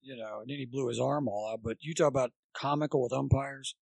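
A man, a former college baseball coach, chatting as a guest and telling long, animated anecdotes. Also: medium pitch, fast talker, vocal fry, no echo. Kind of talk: rambling anecdotal storytelling.

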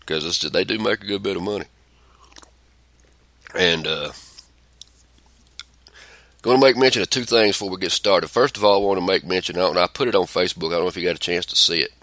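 Talking quickly but pausing often, a drawling middle-aged man co-hosts a casual podcast chat in a low voice with a bright, forceful edge. He's blunt, swears, and drifts between stories, in a close, dry recording.

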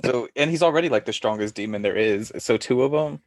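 A man co-hosting a podcast, chiming in on a movie recap with low-key, dry remarks in casual chat. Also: brisk, no echo. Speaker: podcast co-host.

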